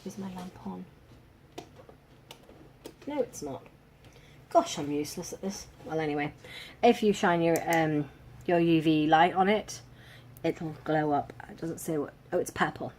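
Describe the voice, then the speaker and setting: A woman chatting casually through a craft box unboxing, amused and quick to laugh. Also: sits low, darkish tone, a little hiss or hum. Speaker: crafting vlogger.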